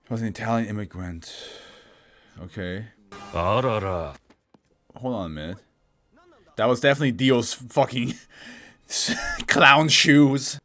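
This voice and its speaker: A man hosting a casual anime reaction, animated and profane. He laughs often and bursts into shouting. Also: lowish voice, unhurried, long pauses.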